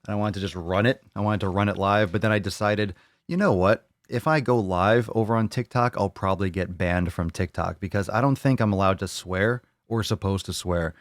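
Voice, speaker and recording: A man hosting a casual livestream podcast, joking and swearing loudly with hype-style bravado. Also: on the low side, fairly quick, dry recording, clean studio sound. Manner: brash, joking, profane hype talk. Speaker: podcast host.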